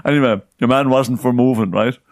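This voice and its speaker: A man's voice: mid-range voice, a little fast, dry recording. A man co-hosting a podcast, telling a rambling story and tagging on "right?" again and again. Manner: rambling, keeps asking "right?". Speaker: podcast co-host. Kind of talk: casual anecdote telling.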